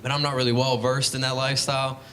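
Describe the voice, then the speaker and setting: A young male stand-up comic works a comedy club stage, telling laid-back stories and slipping into voices. His pitch stays in the middle range. Some faint noise runs under the set. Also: level tone, quick pace, pushed and bright. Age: young adult.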